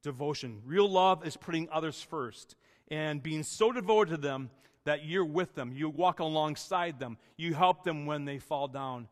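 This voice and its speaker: A man preaches to his congregation in an earnest, conversational way, restarting phrases as he works through his point. His voice sits a little high for a man. The sound carries a long reverb, as in a large church hall. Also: measured pace. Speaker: pastor. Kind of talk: sermon.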